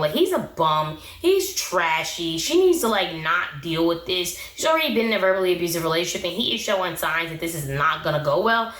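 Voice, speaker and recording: A woman's voice: fairly low pitch, very animated, fairly quick, few pauses, fairly bright tone. Sassy woman recapping a reality show. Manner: opinionated, sassy, talks back at the show. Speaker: recap vlogger. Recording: roomy echo.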